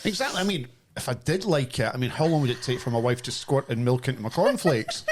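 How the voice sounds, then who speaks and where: A man's voice: mid-range voice, expressive, fast, a crowd in the background. A man hosting a comedic podcast chat, playful and teasing, laughing often. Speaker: host.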